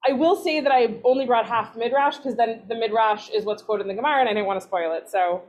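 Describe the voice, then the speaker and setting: A woman leads a relaxed study session, her voice sitting a little high. She talks in a chatty way, correcting herself mid-sentence and dropping in playful asides. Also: fast. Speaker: rabbinic resident teaching a text study. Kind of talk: casual text study teaching.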